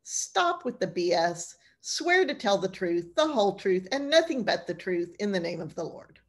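A woman's voice: medium pitch, sing-song, normal speed. A woman voicing a whiny, self-pitying ancient male king in a storytelling lesson, sounding sulky and complaining.

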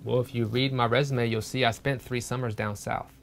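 A man's voice: medium pitch, steady tone, brisk, gravelly, a little hiss or hum, lightly acted. A man playing a clueless, boastful applicant for a security job, talking in laid-back slang. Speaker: job applicant in a comedy sketch.

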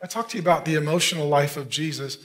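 High-voiced pastor in his fifties. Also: racing. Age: 50s. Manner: conversational preaching, drops to quiet for emphasis. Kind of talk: sermon.

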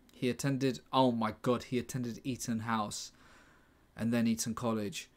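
Sarcastic man muttering while reading aloud. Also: mid-range voice. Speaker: writer. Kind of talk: casual thinking aloud while writing.

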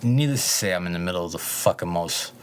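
A young man telling a rambling, profane story, swinging between loud asides and low muttering. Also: expressive, fast, slight background noise. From Southern California. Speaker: interview guest.

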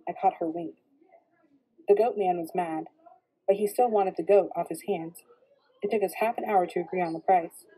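A woman reading a novel aloud in steady first-person narration. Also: fairly low pitch, breathy edge, low-quality recording. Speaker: reader.

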